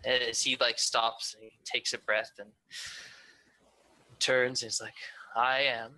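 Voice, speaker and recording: Relaxed male tabletop player, hesitant and slow, very bright tone. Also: medium pitch, dry recording, poor audio. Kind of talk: casual tabletop play.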